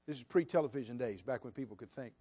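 A man's voice: medium pitch, fast, warm tone. A man preaching a sermon to his church, telling a story in a conversational way. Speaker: pastor. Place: church sanctuary.

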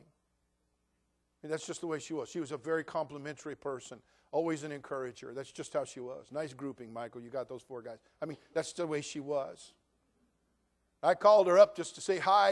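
High-voiced man in his sixties preaching. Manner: humorous storytelling, building to loud preaching. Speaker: pastor. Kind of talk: sermon.

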